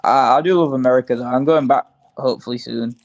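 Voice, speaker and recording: A man's voice: mid-range voice, fast. A man with a British accent chatting casually on a livestream, curious and talkative, full of questions. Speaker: livestream guest. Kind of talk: casual chat. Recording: dull voice-chat audio.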